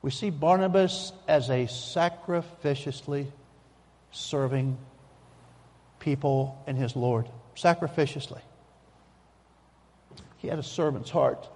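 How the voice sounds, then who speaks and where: A man's voice: mid-range voice, slow, a little mellow. A man preaching a sermon in a folksy, emphatic way, repeating his key phrases, in a church sanctuary. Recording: long hall reverb.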